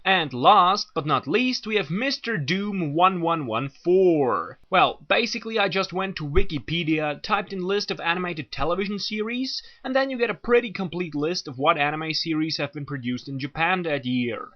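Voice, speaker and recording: A man's voice: fairly high pitch, expressive, normal speed, few pauses. A man chatting casually to his viewers as an anime reviewer, joking, crude and sarcastic, in a dull lo-fi recording. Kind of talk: casual video chat.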